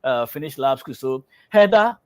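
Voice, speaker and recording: A man's voice: mid-range voice, lively intonation, normal speed, dry recording. A man hosting a health show, telling a lab prank story with many fillers and then reading out test result guidance.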